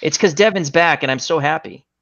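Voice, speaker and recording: A man's voice: fairly high pitch, a little fast, creaky, fairly bright tone, lo-fi sound. A middle-aged man hosting a casual chat show, telling joking stories and acting out the people in them. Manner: joking storyteller, acts out voices in anecdotes. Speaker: host.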